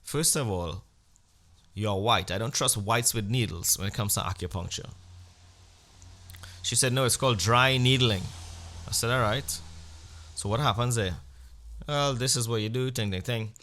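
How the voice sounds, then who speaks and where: Man, podcast host, crude comic storyteller, bright voice, animated. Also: moderate pace, pauses often. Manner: animated storyteller, acts out exchanges with sudden jumps in pitch and volume; blunt and crude.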